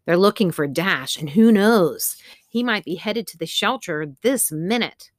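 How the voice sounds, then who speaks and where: A woman voicing an eager young girl who speaks in a hurried way in a storybook reading. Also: fairly low pitch, lively intonation, dry recording, clean studio sound. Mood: urgent. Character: young girl, breathless and urgent.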